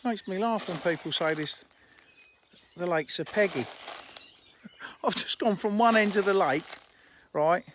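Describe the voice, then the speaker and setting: A man's voice: high-pitched, a little slow, pauses often, fairly bright tone. A man who owns a fishery, chatting casually on a live stream from his phone and answering viewers' comments with a laugh. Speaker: fishery owner. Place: outdoors by a fishing lake. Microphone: handheld phone. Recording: faint outdoor noise and birdsong. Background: birdsong.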